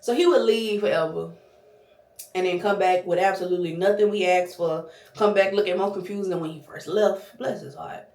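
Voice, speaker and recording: A woman vlogger telling a restaurant story as a casual, profane, animated rant. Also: on the low side, moderate pace, roomy sound.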